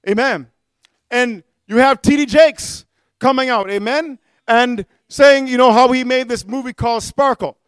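Man, preacher, very high smooth voice, fervent sermon, frequent amen calls, dry close sound. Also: a little slow, no room sound. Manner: fervent, punctuates with "amen?" and "hallelujah"; rises to shouting at times.

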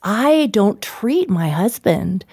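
A woman guest in an interview, an author telling animated stories with frequent laughter. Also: medium pitch, slow pace, husky, dry recording, studio quality. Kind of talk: interview storytelling.

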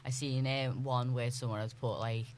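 A man's voice: medium pitch, flat delivery, normal speed, darkish tone, slight background noise. A young man chatting casually in a group, emphatic and full of "like". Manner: emphatic, repeats phrases, lots of "like".

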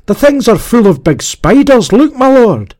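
A man's voice: extremely high pitch, big pitch swings, measured pace, a little mellow, pitched above the performer's own voice, heavily acted. A man reading aloud and voicing a gaunt male retainer who cries out in alarm. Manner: crying out in alarm.

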